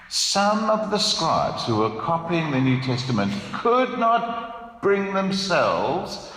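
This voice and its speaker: A pastor preaching a sermon in a church, earnest and emphatic, asking rhetorical questions. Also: male voice, fairly high pitch, very animated, slow, a bit bright, echoey room, big-room sound.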